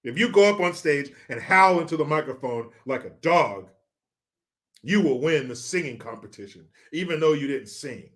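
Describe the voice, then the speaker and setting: A man's voice: a little high, expressive, moderate pace, fairly bright tone. A man hosting his own show, ranting through sarcastic, profane political commentary full of mockery. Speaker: show host.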